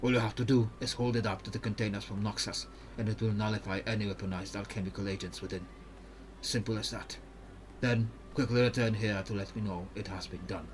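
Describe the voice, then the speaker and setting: A man voicing a calm, secretive male freedom fighter with a put-on foreign accent, held in one low, steady tone, as he reads game dialogue aloud. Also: a little fast, background noise, close to an everyday voice. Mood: earnest.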